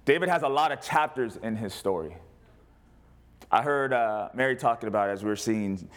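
A man preaching as a pastor, animated, rising to loud cries and dropping to quiet asides. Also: mid-range voice, fairly quick. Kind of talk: sermon.

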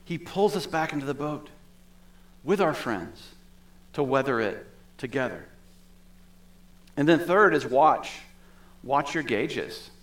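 A man's voice: fairly high pitch, lively intonation, slow pace, long pauses, fairly bright tone. A male pastor preaching a sermon in a conversational way, with asides and the odd laugh.

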